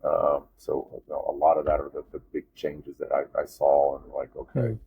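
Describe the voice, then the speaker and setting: A man in his fifties, an Army veteran, telling a story in a casual interview and jumping up in pitch when he is exasperated. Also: moderate pace, creaky, phone-quality sound, a little hiss or hum. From United States. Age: 50s. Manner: animated storyteller, voice jumps up in disbelief.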